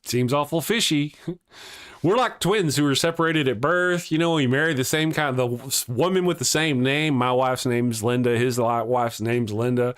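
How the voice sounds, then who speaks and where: A man's voice: mid-range voice, normal speed, clean tone. A middle-aged man hosting a casual livestream morning show, chatting, joking and greeting viewers, laughing often and restarting his words. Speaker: host of a live morning show. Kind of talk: casual livestream chat reading viewer comments.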